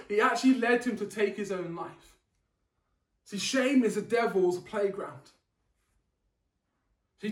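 A man's voice: very high-pitched, fairly bright tone. A man preaching a sermon in an earnest, emphatic way, repeating key phrases for weight. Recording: echoey room, mic at a distance.

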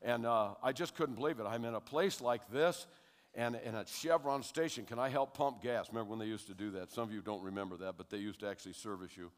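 An older American man giving a lively spoken testimony to a congregation, checking in with his listeners as he tells his story. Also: on the low side, fast talker. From United States. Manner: animated storyteller who keeps checking in with the audience. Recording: long hall reverb.

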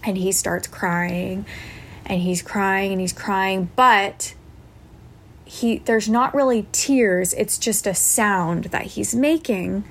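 A woman's voice: medium pitch, slow, gravelly, fairly bright tone. A woman podcast host telling a personal story in an earnest, reflective way, often tagging thoughts with "like" and "right?".

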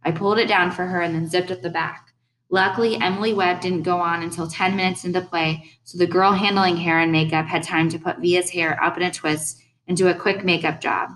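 A young adult woman reading a first-person audiobook in a steady, earnest storytelling manner. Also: on the low side, fairly quick, rough recording. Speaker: audiobook narrator.

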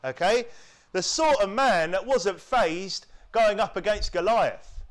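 A man's voice: sits high, slow. A man from the United Kingdom preaching a sermon, peppering his points with tag questions and mocking whiny voices. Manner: rhetorical, keeps asking tag questions; mimics whining voices to mock them.

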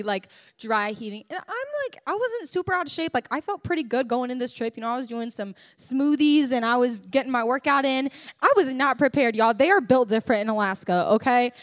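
A young woman giving a humorous, chatty sermon testimony as a church speaker, joking and talking straight to the congregation. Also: a little high.

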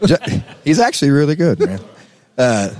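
A man's voice: fairly high pitch, wildly swooping pitch, moderate pace, dark tone. A man with a Texan accent, telling rambling stories as a musician guest on a casual chat show. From Texas. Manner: laid-back, rambling, laughs often.

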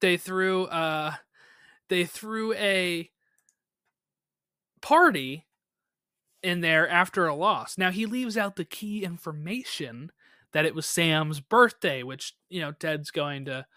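A podcast co-host in a casual recap chat, talking in animated quick bursts and laughing often. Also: mid-range voice, no echo, clean studio sound.

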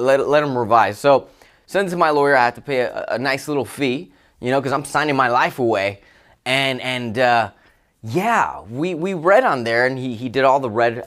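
A man hosting his own motivational podcast, telling a personal story with emphatic, excited exclamations. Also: medium pitch. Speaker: podcast host.

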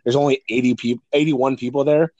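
A man's voice: medium pitch, fairly even intonation, brisk, darkish tone, no room sound, dull audio. Man, podcast co-host, casual chat, profane, rambling, close dry sound. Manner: profane, rambling, laughs often.

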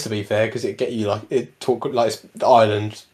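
A man's voice: fairly low pitch, little pitch movement, brisk, crowd noise. A young man hosting a casual chat, rambling and correcting himself as he talks. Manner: rambling, self-correcting, chatty. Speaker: podcast host.

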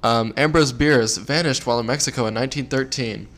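A man's voice: medium pitch, brisk, fairly bright tone. A man co-hosts a casual podcast and reads from his notes in a joking, teasing way. He laughs easily and keeps the chat loose. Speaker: podcast co-host.

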